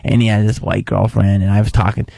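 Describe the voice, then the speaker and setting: Male comic guest, gravelly, lowish voice, lively storyteller, dry studio. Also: quick pace, no echo. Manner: storytelling, acts out hecklers in shouts. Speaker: comedian guest. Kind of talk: casual talk radio interview.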